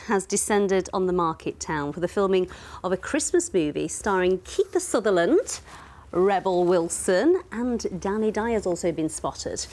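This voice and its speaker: A woman's voice: mid-range voice, expressive, moderate pace, darkish tone. A woman presenting and reporting for regional TV news, playful and chatty.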